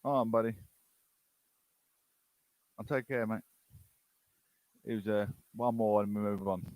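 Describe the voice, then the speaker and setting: A man's voice: fairly low pitch, fairly even intonation, takes it slowly, a little mellow, no echo, rough recording. A man from the UK with a British accent, hosting a rambling, casual chat with strangers online. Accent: British English. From United Kingdom. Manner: rambling, chatty, unsure.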